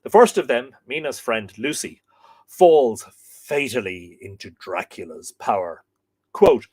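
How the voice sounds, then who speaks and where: An Irish man hosting a live show, reading a book chapter aloud with dramatic pauses and slower quoted passages. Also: mid-range voice, big pitch swings, a little mellow, breathy edge, dry recording.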